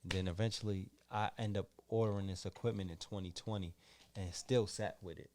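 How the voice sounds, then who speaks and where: Rambling low-voiced man from Boston. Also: fairly even intonation, a little fast, a little mellow. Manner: rambling, keeps repeating "you know what I'm saying". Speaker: podcast host and father. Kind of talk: casual interview chat.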